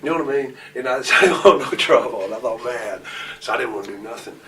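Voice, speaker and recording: A man's voice: mid-range voice, fast, a crowd in the background. A man in his forties telling rambling, profane stories as a wrestler in an interview. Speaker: pro wrestler interview guest. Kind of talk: shoot interview storytelling. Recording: distant mic, noisy room ambience.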